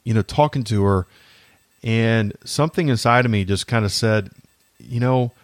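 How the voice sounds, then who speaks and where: A man in his thirties with a low-pitched voice hosts a faith-based podcast. He speaks earnestly and haltingly, with frequent fillers and restarts. The recording is close and dry, with no room echo. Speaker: podcast host. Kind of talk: faith-based personal reflection.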